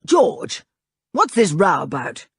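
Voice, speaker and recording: A woman voicing a gruff, hot-tempered middle-aged father in a storybook, speaking irritably and impatiently. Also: fairly low pitch, huge pitch swings, slow pace, no echo, clean studio sound, exaggerated voice. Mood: irritated.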